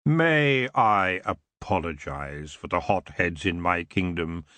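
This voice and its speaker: A man voicing a tall antlered elf king in an audiobook, with a smooth, lazy drawl. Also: deep voice, lively intonation, takes it slowly, sharp tone, no echo, pitched below the performer's own voice, full character voice. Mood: languid.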